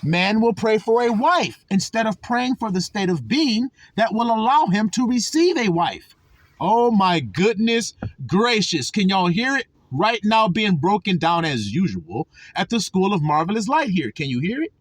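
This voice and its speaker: A man's voice: high voice, big pitch swings, a little slow, no echo. A man giving sermon-style teaching, emphatic, drawing out key words and asking his listeners again and again if they see it. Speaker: religious teacher.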